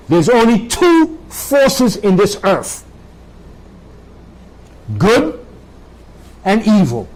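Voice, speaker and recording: Male preacher, high voice that swoops widely, emphatic, keeps checking in with the congregation. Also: a little mellow, low-quality recording. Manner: emphatic preaching with dramatic pitch swings; rhetorical questions to the congregation. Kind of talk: sermon.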